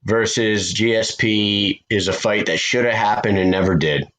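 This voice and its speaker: A man from the United States, co-hosting a podcast and telling stories in a loose, profane, animated way. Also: on the low side, normal speed, low-quality recording. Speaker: podcast co-host. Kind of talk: casual chat.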